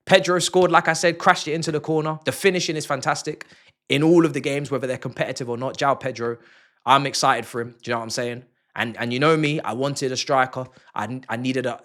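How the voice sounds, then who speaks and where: Lively young man reacting to football. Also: a little high. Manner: animated, playful, repeats words for emphasis. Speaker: football channel host. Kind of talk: excited fan match reaction.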